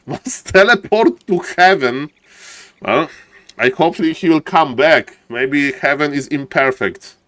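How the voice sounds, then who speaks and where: With a mid-range voice, this man casts a live strategy game in English, a language that isn't his native one. He erupts into shouts at big plays and makes jokey side comments to chat, working as an esports caster.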